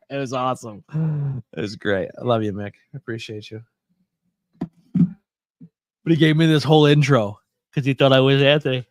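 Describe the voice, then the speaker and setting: Speaking at medium pitch with a measured pace and long pauses, this man hosts a casual livestream in clean studio sound without room noise. He chats loosely about the wrestling he's watching, laughs at his own stories, and seems sleepy, yawning as he goes.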